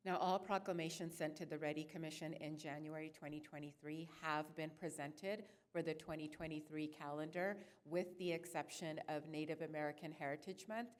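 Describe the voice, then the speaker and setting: A woman's voice: low-pitched, steady tone, brisk, hardly any pauses. A woman city clerk presenting a staff report at a council meeting, hesitant and full of filler sounds.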